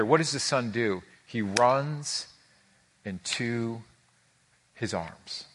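Earnest, emphatic higher-voiced male preacher. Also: unhurried, fairly bright tone. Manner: emphatic, earnest preaching with pitch that climbs on key words; stumbles and repeats words when moved. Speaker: pastor. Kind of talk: sermon. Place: before a live congregation with a screen.

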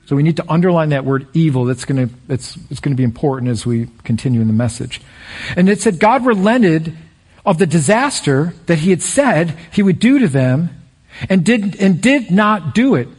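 A man preaching a sermon as pastor, energetic and building to excited peaks. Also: fairly high pitch, moderate pace, husky.

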